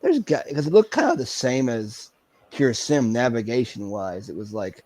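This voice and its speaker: Halting male guest, dry close sound. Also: mid-range voice, expressive, a little mellow, dry recording. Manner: halting, searches for words. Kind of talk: casual chat.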